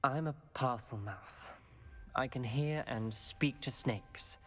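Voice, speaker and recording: A grave young wizard student. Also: male voice, medium pitch, takes it slowly, a bit bright. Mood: solemn.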